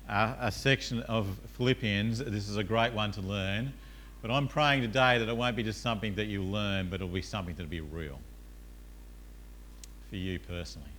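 A man's voice: lowish voice, a bit bright, a little hiss or hum. A male pastor giving a conversational sermon in a church, peppered with "uh" and questions to the congregation.

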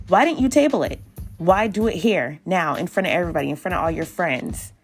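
Blunt, exasperated woman podcast host. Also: on the low side. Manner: exasperated, blunt, swears often. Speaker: podcast host reviewing a TV episode. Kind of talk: casual, profane recap and rant.

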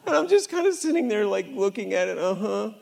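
A man's voice: extremely high pitch, fast talker, gravelly. Earnest older man telling a story. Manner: earnest, animated storytelling with acted-out voices. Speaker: speaker sharing a faith story. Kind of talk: personal storytelling talk. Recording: long hall reverb.

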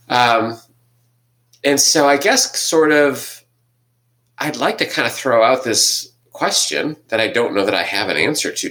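A man's voice: medium pitch, a bit bright. A man co-hosting a casual talk on scripture, thinking aloud with frequent restarts and hesitations. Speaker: podcast co-host discussing scripture. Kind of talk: casual conversation.

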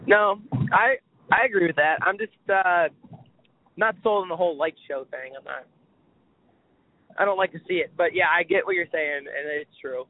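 A man co-hosting a sports podcast in casual chat, talking in an excitable, exasperated way and swearing often. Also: high voice, normal speed. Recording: tinny phone-like dry sound.

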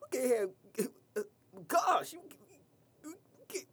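A shrill, self-pitying complainer whines in a squealing falsetto that leaps far above a normal speaking voice, as a man mockingly puts the whiner on. The voice swoops and pushes out loudly. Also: animated, slow pace, exaggerated voice. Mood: whiny.

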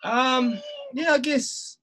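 A man's voice: very high-pitched, steady tone, takes it slowly, sharp tone, low-quality recording. A man in his thirties with a New Zealand accent, a rugby player guest telling stories in a laid-back, chuckling way. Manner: laid-back, chuckles often, many restarts. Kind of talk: casual storytelling chat.

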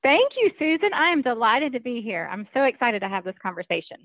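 A woman's voice: on the high side, big pitch swings, fast, dry recording. Friendly woman from Alabama on a tinny line. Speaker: podcast guest, legal marketing professional. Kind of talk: casual interview chat. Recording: tinny phone-line sound.

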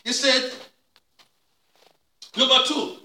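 A male pastor preaching a sermon with repeated call-and-response questions, sometimes rising to a shout. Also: extremely high pitch, fairly even intonation, slow pace. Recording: echoey room, mic at a distance.

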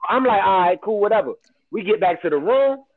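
Podcast guest, male, animated storyteller, tinny phone sound. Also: high voice, brisk, a crowd in the background. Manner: animated, swears often, quotes others in his story. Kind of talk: casual storytelling chat.

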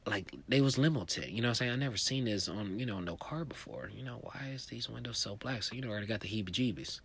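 A man telling a profane, animated stand-up comedy story, packed with "you know" fillers. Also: on the low side, fast, vocal fry, few pauses, husky.

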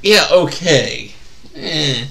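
A man's voice: on the high side, big pitch swings, drawn-out words, vocal fry, bright, forceful tone, reverberant, far from the mic. A man co-hosting a podcast in casual, jokey sports chat. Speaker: podcast co-host.

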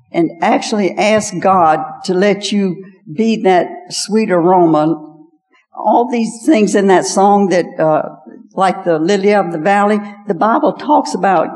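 A woman's voice: medium pitch, darkish tone, in a large hall. An older woman giving a folksy personal testimony as a guest speaker at an evening women's gathering. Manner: folksy storytelling, repeats "I said". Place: large hall at an evening event.

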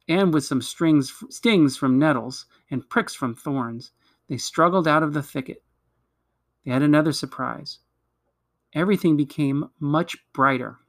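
A man reading a children's novel aloud at a measured pace, with occasional slips he corrects. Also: mid-range voice, fairly bright tone, no echo, clean studio sound. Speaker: reader.

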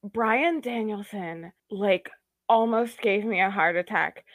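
A woman's voice: mid-range voice, slow pace, slight background noise. A young woman co-hosting a podcast, talking casually and emphatically. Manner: emphatic, lots of "like" fillers. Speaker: podcast co-host. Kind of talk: casual chat.

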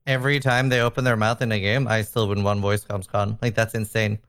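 A man's voice: on the low side, little pitch movement, fairly quick, a bit bright. A man from Norway, a streamer, speaking bluntly in a casual podcast discussion, with hesitant starts.

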